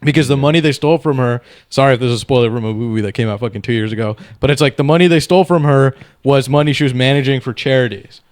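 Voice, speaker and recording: A man's voice: medium pitch, racing, few pauses, no room sound, studio quality. Profane rambling young man. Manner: loose, profane, rambling storytelling. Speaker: podcast co-host. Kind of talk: casual podcast banter.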